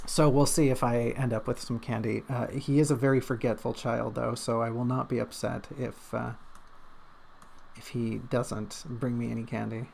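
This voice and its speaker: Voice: mid-range voice, level tone, moderate pace, vocal fry, darkish tone, a little hiss or hum. A livestreamer chatting casually and rambling, with self-mocking jokes.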